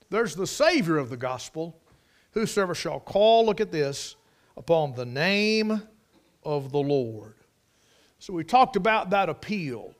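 A man preaching a sermon, emphatic, repeating key words for stress. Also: fairly high pitch.

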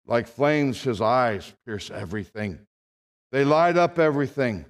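A man preaching from the pulpit in a church sanctuary, his mid-pitched voice trailing off into long reverb. He swings between hushed, heavy passages and loud, raised proclamations. It sounds like a live sermon delivered to a congregation. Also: lively intonation, unhurried. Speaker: pastor.

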